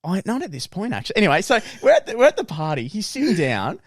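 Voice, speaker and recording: A man's voice: high voice, fast talker, dry recording, clean studio sound. A young Australian man co-hosting a podcast, chatting casually and laughing as he tells stories. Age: young adult. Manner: expressive, laughs often. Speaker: podcast co-host. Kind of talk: casual storytelling chat.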